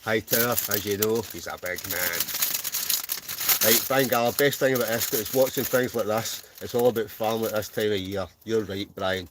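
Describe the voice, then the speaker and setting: The recording is very noisy as a Scottish wild camper livestreams from inside his tent, reading out commenters' names and messages amid jokes and lots of laughter. His voice is on the low side, at a moderate pace.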